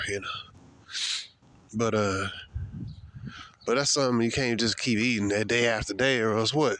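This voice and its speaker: A man gives a casual, sermon-like talk outdoors while out on a brisk walk. His speech is slangy and emphatic, and he hammers his points home by repeating them. His breathing is heavy from the pace of his walk. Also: medium pitch, steady tone, fairly bright tone, clean tone. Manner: talks while walking fast, breathing hard. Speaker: vlogger. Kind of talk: casual preachy monologue.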